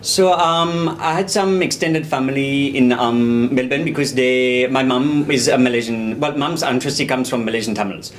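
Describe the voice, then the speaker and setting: Actor doing an man, rambling, halting, mid pitch, live stage. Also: fairly even intonation, a little hiss or hum, lightly acted. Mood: nostalgic. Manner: rambling, halting, many ums and restarts. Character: reminiscing Indian man, cricket fan. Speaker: stage actor in verbatim theatre. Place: small theatre stage, live.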